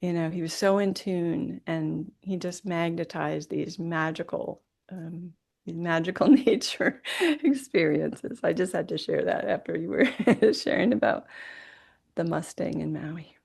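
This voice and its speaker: Gravelly woman telling fond stories. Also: on the low side, a little mellow. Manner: quick, laughing storytelling. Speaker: widow sharing memories. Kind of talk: memorial remembrance. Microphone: video call. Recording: video call audio.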